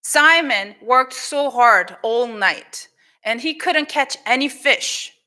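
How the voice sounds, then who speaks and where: Animated Korean-accented woman preaching to children. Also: a little high, takes it slowly. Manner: animated, acts out quoted lines; switches between English and Korean. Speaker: pastor. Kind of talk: children's sermon. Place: church sanctuary.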